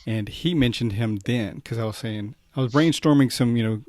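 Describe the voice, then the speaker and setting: A podcast host talks in an easy, conversational way, often restarting his sentences. His voice sits at an ordinary man's pitch, and the sound is dry and close. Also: normal speed, no echo. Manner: relaxed, conversational, many restarts. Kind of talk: casual chat.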